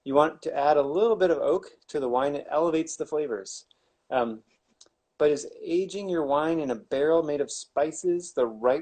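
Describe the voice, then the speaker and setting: A man's voice: a little high, moderate pace, a little mellow. A man, a winemaker, explaining wine making in a casual, rambling way with wry asides and many restarts.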